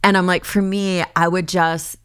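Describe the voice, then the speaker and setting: A woman's voice: on the low side, moderate pace, smooth. A woman from the Boston area, an improv and clown performer, telling stories on a podcast and acting out the quotes with frequent laughs. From Boston area, USA. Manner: animated storyteller, acts out quotes, laughs often. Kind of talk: casual storytelling interview.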